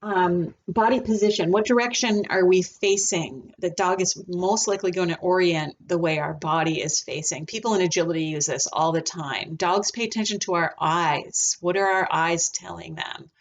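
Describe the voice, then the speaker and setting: A woman teaching a recorded lesson on dog behavior, talking in a relaxed, chatty way with frequent ums. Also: on the low side, moderate pace, hardly any pauses, muffled recording, a little hiss or hum. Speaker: dog trainer.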